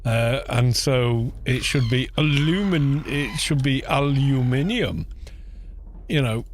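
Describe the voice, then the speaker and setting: A man's voice: mid-range voice, steady tone, a little slow, a little hiss or hum. A British man chatting casually and laughing often while live-streaming a game, teasing how words are pronounced. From Britain. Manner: chatty, amused, laughs often, mocking put-on pronunciations.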